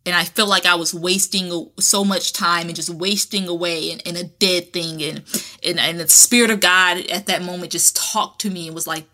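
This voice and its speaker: Woman podcast host, conversational and frank, bright clear voice. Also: fairly low pitch, fairly even intonation, normal speed. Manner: candid and conversational, with colloquial phrasing and frequent restarts. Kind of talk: casual personal talk.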